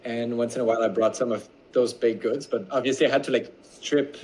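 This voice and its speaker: A man with a French accent chatting casually while baking, relaxed and self-deprecating, often laughing through his stories. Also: mid-range voice, brisk, slight background noise, poor audio. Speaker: home baker and co-host.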